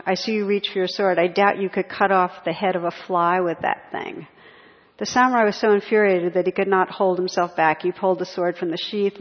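A woman meditation teacher gives a soft, reflective talk on mindful living and often circles back to rephrase herself. Her voice sits on the lower side, and the recording is dull and lo-fi. A long hall reverb trails every phrase. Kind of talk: dharma talk to a retreat group. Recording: echoey hall, dull lo-fi sound.

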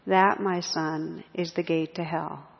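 A woman voicing an old monk in a teaching story, first mocking and then very gentle. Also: fairly low pitch, moderate pace, vocal fry, breathy edge. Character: old male monk, calm and teasing. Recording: echoey hall, dull lo-fi sound.

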